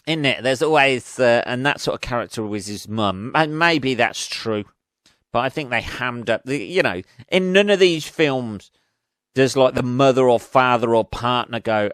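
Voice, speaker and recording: Speaking at a moderate pace, this man has a smooth, mid-range voice that's a bit bright. He's a comedian rambling through a casual monologue on his own podcast, swearing and mocking himself, captured at studio quality on a podcast mic with no room sound.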